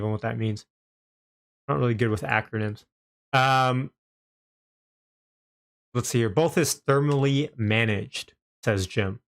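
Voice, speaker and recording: A chatty young man with a light Canadian accent hosts a live stream in a relaxed, conversational way. His voice sits at an ordinary middle pitch. He laughs easily and reads viewers' comments aloud as he talks. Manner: chatty, laughs a lot, reads out chat messages. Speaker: livestream host. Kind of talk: casual live stream chat.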